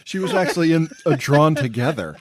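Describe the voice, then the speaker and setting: A man's voice: on the high side, animated, fairly quick. A man on a podcast chiming in during casual chat with dry, fact-checking quips. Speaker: podcast producer.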